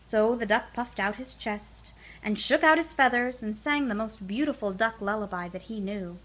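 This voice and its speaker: A woman's voice: on the high side, moderate pace. Woman reading a bedtime story. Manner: gentle, calm bedtime reading. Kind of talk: children's picture book read-aloud.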